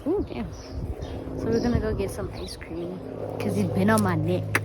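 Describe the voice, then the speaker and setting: A woman's voice: medium pitch, normal speed, very noisy. A young South African woman talking casually to her camera, chatty and dramatic, slangy, laughing often. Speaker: vlogger. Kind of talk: casual vlog talk to camera.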